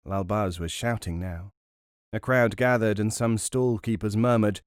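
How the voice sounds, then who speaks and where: Dry, measured male storyteller. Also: lowish voice, fairly even intonation, clear, resonant tone, no echo. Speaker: audiobook narrator. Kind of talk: scripted novel narration.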